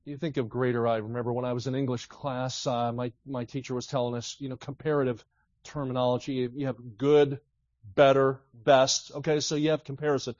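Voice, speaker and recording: A man preaching a revival sermon in a church, reading scripture with rising emphasis and sinking low and quiet to pray. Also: flat delivery, fairly quick, no room sound, lo-fi sound. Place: church meeting hall.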